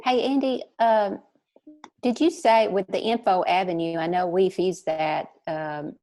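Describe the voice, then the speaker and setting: A woman's voice: fairly low pitch, steady tone, a little slow, warm tone. A woman co-presenter on a webinar call, asking a hesitant question.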